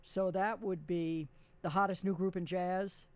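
On his radio show, a man has a relaxed conversation with a caller, meandering through specifics and filling gaps often. His high-pitched voice stays steady and unhurried, slightly mellow and clean.

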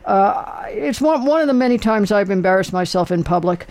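A man's voice: high-pitched, lively intonation, moderate pace, darkish tone. An older man hosting a casual talk show, rambling and chatty with lots of fillers. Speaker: radio host. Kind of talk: casual chat.

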